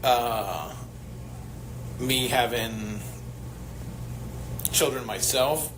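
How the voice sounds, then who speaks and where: A man conducting a police interview, asking measured, hesitant questions. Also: mid-range voice. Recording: noisy interview room recording.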